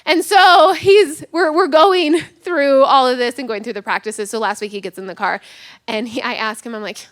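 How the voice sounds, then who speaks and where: A woman's voice: on the high side, normal speed. A woman pastor in her thirties preaching a sermon, telling a funny personal story and acting out the lines of the people in it. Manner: animated storytelling with acted-out quotes, self-mocking humor.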